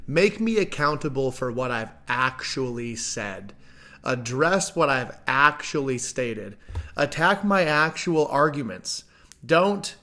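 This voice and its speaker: A man's voice: medium pitch, a bit bright. A man giving reaction commentary on a debate clip, conversational and emphatic, full of rhetorical questions.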